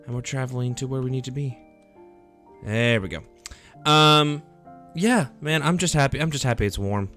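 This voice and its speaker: A man's voice: mid-range voice, animated, moderate pace, sharp tone. A young man rambling upbeat, casual chat while he streams himself playing a game. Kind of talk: casual live gameplay chat. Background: faint background music.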